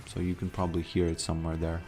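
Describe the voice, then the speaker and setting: Delivered completely flat and at a quick pace, this man's low, slightly mellow voice carries a Latvian accent. He's a gaming streamer from Latvia, casually rambling with many fillers while he plays.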